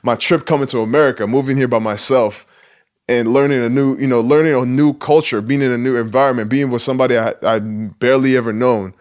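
A man's voice: mid-range voice, steady tone, fast talker. A man in his twenties from Nigeria, a basketball player speaking candidly and reflectively in a casual interview, with casual swearing. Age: 20s.

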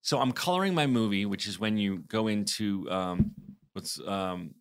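A man's voice: fairly low pitch, moderate pace, smooth. A man in his forties co-hosting a podcast, telling a story in a rambling, chatty way with many fillers. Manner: rambling with fillers, animated retelling. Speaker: podcast co-host. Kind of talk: casual storytelling chat.

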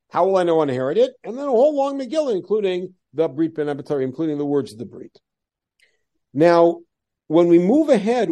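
Male rabbi lecturing, animated, pitch slightly high, dark tone. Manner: animated lecturer voicing quoted lines. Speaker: rabbi teaching a Bible class. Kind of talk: classroom lecture.

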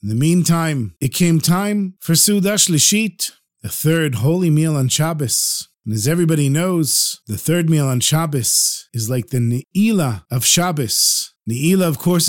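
Expressive male storyteller. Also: fairly high pitch, unhurried. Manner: animated, expressive storytelling, explains terms as he goes. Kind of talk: storytelling narration.

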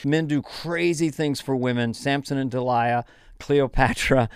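Smooth-voiced playful man in his sixties. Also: mid-range voice, moderate pace, no echo, clean studio sound. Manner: playful, drops into impressions mid-sentence. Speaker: podcast guest, comedian. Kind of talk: casual chat.

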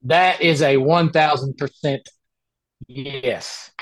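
A man who plays golf for a living, telling an animated, rambling story in a casual podcast interview on a close mic. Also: medium pitch, slow pace. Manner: animated, rambling anecdote with many restarts. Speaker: guest, professional golfer.

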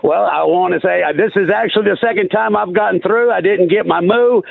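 A man's voice: high-pitched, fairly quick, creaky, no room sound, narrow, tinny audio. A middle-aged man, a truck driver calling in to a radio show, telling a story in a chuckling, rambling way over the phone.

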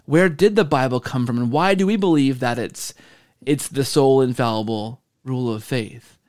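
A man hosting a podcast, telling a story in a casual, animated way and checking in with a frequent "right?". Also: medium pitch, normal speed. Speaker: podcast host.

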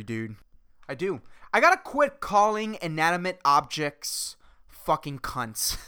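A man's voice: a little high, pushed and bright, smooth. A man hosting a solo comedy podcast, rambling, swearing constantly and joking as he goes. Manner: rambling, profane, jokey. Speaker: podcast host.

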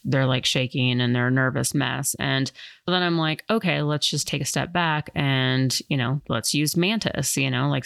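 A woman's voice: a bass voice, vocal fry, no echo, clean studio sound. A woman hosting a podcast and chatting casually, a firearms instructor who rambles with lots of fillers. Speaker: podcast host.

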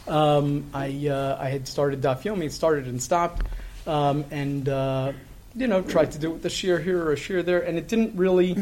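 Halting, reflective middle-aged man. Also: fairly high pitch, darkish tone, slight background noise. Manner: halting, frequent fillers and restarts; reflective, earnest. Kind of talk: conversational storytelling.

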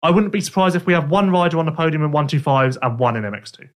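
A young man co-hosts a casual podcast, reading listener questions aloud. He answers with dry, teasing asides in a voice that sits a little higher than most men's. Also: animated, quick pace. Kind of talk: casual chat.

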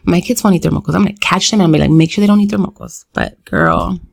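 A woman's voice: fairly low pitch, fast talker, vocal fry, husky. Playful, laughing podcast co-host woman. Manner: playful, laughs easily, mixes in Spanish. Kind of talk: casual chat.

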